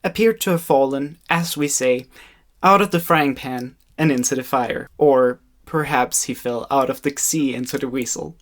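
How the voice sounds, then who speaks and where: A man's voice: medium pitch, normal speed. A young man in his twenties narrating a casual educational video essay with joking, wry asides.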